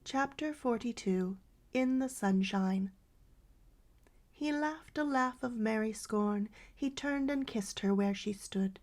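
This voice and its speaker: A woman narrating a 19th-century novel as an audiobook in a measured, dramatic storytelling voice. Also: on the high side, a little mellow.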